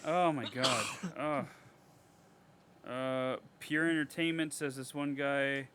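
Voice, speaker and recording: In casual podcast chat, a man co-hosting a horror podcast reads reviews aloud, adding animated, sarcastic commentary and swearing often. His voice is mid-range and clean-toned, and he speaks slowly.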